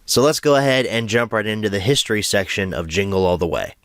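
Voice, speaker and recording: A man's voice: lowish voice, fast, a bit bright, no room sound, clean studio sound. A young man in his twenties hosting a casual movie review, a bit congested and under the weather, often stumbling and restarting words. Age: 20s.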